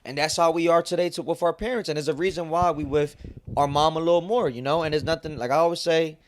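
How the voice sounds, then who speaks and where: Guy cohosting a podcast, talks quick, keeps jumping in. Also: a little high, steady tone, no room sound. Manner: quick interjections, chiming in. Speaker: podcast co-host. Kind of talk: casual chat.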